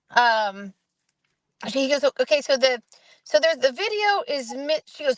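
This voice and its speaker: A woman with a fairly high voice talks casually, rambling as she retells testimony and slips into quoted voices. The sound is dry and close. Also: normal speed, no echo, rough recording. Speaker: host recapping a trial. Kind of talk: casual chat.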